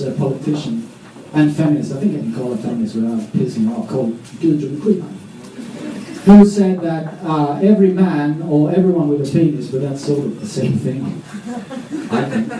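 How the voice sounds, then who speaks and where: A man doing a live stand-up set on a comedy club stage, rambling with self-mocking, deadpan asides. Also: on the high side, normal speed, slight background noise. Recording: echoey club, distant mic, audience.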